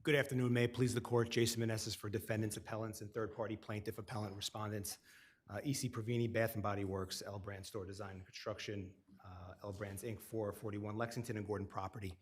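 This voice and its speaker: A man's voice: on the low side, level tone, fast, slightly rough. A man appearing as an attorney, formal, stumbling a bit as he lists the parties. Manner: formal, stumbling over a long list of parties. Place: appellate courtroom.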